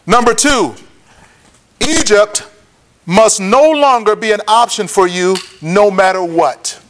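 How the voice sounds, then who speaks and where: A man teaching a Bible lesson, often checking that listeners follow and repeating key points slowly for notes. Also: high-pitched, slight background noise. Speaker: preacher.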